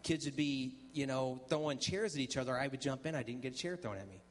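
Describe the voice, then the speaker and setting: A guest speaker at a church, this man shares his testimony in a medium-pitched voice at a quick pace. He tells the story conversationally, with plenty of ums and restarts, and acts out the dialogue in quoted voices.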